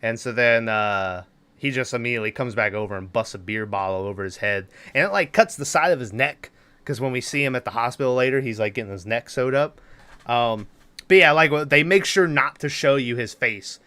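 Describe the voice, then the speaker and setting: A man's voice: medium pitch, fairly quick, bright, forceful tone, clear, resonant tone. A man co-hosting a podcast, giving a rambling, casual movie recap, swearing and laughing often. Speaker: podcast co-host.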